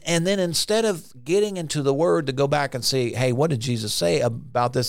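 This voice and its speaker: A man preaching a conversational sermon, now and then acting out frantic voices in sudden high bursts. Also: animated, normal speed, few pauses, no echo, studio quality.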